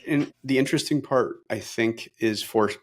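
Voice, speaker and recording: A middle-aged man talking as an interview guest, energetic and optimistic, with many fillers and restarts. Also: medium pitch, normal speed. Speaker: brokerage leader, interview guest. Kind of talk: casual interview talk.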